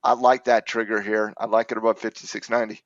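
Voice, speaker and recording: A man's voice: fairly low pitch, little pitch movement, fast talker, dry recording, muffled recording. A man co-hosting a trading show, talking through chart setups in a casual, thoughtful way. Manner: thoughtful, restarts phrases, laughs easily. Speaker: trading coach co-host. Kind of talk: casual chart analysis chat.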